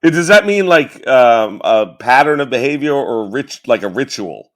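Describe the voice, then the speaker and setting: A man co-hosting a comedy podcast in loose, irreverent chat. He gets excitable and crude, and his voice sits at a middling pitch. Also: normal speed. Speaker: podcast co-host.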